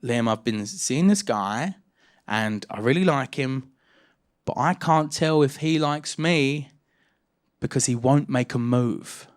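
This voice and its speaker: A man quoting a young woman who confides her feelings hesitantly, in a soft, uncertain manner. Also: medium pitch, slow pace, clean tone, natural voice. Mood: confiding.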